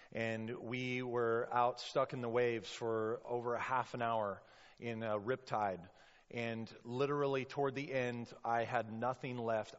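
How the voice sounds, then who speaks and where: A male pastor delivers a passionate sermon, swinging from quiet storytelling to loud acted-out outbursts. His voice carries a long, hall-like reverb. The sound is a little dull and muffled. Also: medium pitch. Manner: impassioned, acts out quotes with sudden loud bursts.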